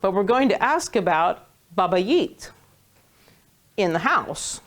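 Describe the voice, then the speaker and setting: A woman's voice: mid-range voice, big pitch swings. A woman teaching a Hebrew reading lesson to a small class, patient and playful, stretching out key words. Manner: patient, playful, drawn-out words when stressing.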